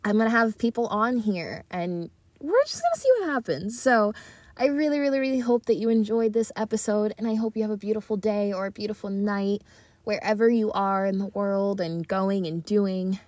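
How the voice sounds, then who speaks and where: A woman's voice: mid-range voice, animated, normal speed, a little mellow, no echo. A young woman hosting her own podcast, chatting casually and encouragingly from her closet into a tablet. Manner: upbeat, encouraging, giddy. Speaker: podcast host. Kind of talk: casual motivational chat. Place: walk-in closet. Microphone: tablet mic.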